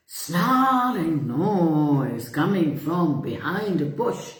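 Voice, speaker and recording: A woman reading a bedtime story to children, animated and stopping to ask the listeners questions. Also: low-pitched, very slow, pauses often, echoey room.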